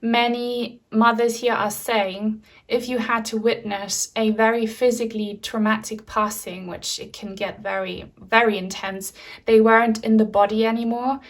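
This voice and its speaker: A woman reading tarot cards for viewers, speaking in a gentle, reassuring and chatty way. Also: fairly high pitch, little pitch movement, moderate pace. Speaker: tarot reader.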